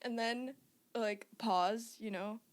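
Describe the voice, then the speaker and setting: A woman's voice: a little high, fairly even intonation, slow, dry recording. Giggly rambling woman podcast co-host. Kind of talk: casual chat.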